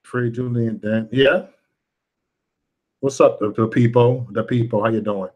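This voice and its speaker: A man's voice: mid-range voice, fairly even intonation, unhurried, darkish tone. Rambling man hosting a livestream. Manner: loose, rambling, greets viewers by name, cusses freely. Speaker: livestream host. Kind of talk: casual livestream chat.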